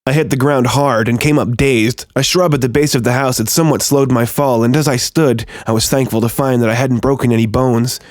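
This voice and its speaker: A man narrating a first-person horror story in a tense, steady storytelling manner. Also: medium pitch, a little fast, hardly any pauses, no echo, clean studio sound.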